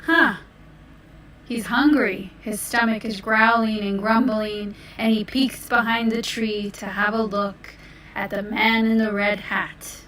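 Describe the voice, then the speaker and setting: Slow, playful woman storyteller. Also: mid-range voice, level tone, fairly bright tone. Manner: playful, unhurried. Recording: roomy, distant mic.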